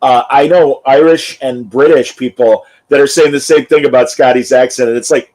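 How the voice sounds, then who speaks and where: A man with an ordinary mid-range voice hosts a relaxed review chat. He talks in an easy, conversational way and reads out listener comments. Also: medium pitch, moderate pace, hardly any pauses, low-quality recording. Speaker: podcast host.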